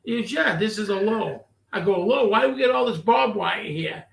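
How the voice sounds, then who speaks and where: A man's voice: high voice, moderate pace, gravelly. A man telling stories from his past in casual chat, acting out the other people in the story. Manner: animated, acts out quotes in the story. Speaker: storyteller guest. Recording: echoey room.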